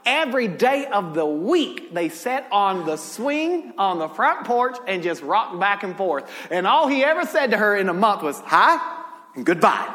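A man's voice: high voice, moderate pace, few pauses, big-room sound. A man preaching a sermon in a church, telling family stories and jokes with lots of laughter. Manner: animated, laughing, drawling Southern storyteller. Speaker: pastor. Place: church sanctuary.

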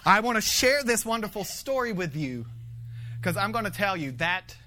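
A man preaching a conversational sermon, animated, laughing often and swinging from loud to hushed. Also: sits high, normal speed, slight background noise. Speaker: pastor.

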